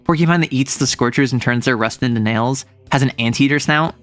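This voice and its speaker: A young adult streamer with a medium-pitched voice talks a little fast over soft background music, reading chat messages aloud. Playful and teasing, they laugh a lot and toss out mock threats while chatting casually.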